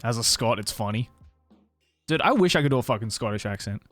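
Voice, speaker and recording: Young Aussie streamer, expressive swinging delivery, laughs a lot, casual swearing, dry close mic. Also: male voice, medium pitch, a little fast, dry recording, faint music behind. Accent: mild Australian. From Australia. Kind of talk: casual chat with viewers. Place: home stream room in Tokyo.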